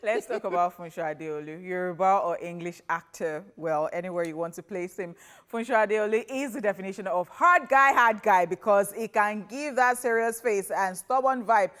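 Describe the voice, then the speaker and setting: A woman's voice: mid-range voice, normal speed, hardly any pauses, fairly bright tone, clean tone. Informal Nigerian woman TV co-host. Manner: informal, trails off mid-thought. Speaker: TV entertainment show co-host. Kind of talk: casual studio banter.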